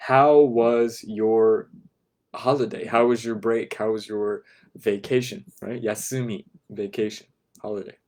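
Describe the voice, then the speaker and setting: A man teaching a class, patiently breaking phrases down step by step and checking in with "right?", sometimes dropping to a soft, quiet voice. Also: fairly low pitch, fairly even intonation, a little slow. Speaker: language teacher. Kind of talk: explaining a lesson to a class.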